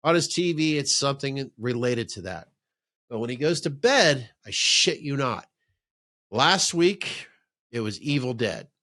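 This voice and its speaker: A man's voice: mid-range voice, sing-song, measured pace, sharp tone, no room sound, studio quality. A man hosting a podcast, telling rambling, profane stories in casual chat. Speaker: podcast host. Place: man-cave podcast room.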